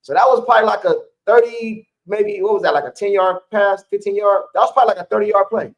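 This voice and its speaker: A man's voice: high-pitched, fast, highs cut off. A man co-hosting a live sports stream, chatting casually in slang with his viewers and laughing often.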